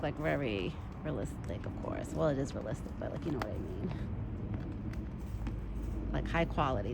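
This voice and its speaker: A young woman with a deep, gravelly voice chats casually for a vlog, speaking sweetly to a wild deer she's feeding on a trail. She films with her phone camera, and the outdoor recording carries noise.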